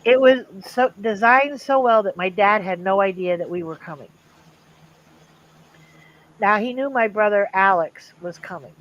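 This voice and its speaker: An older woman hosting a livestream, telling a family story in a casual, animated way and acting out the voices of the people in it. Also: medium pitch, measured pace, long pauses, muffled recording. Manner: animated, acts out quoted voices. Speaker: livestream host.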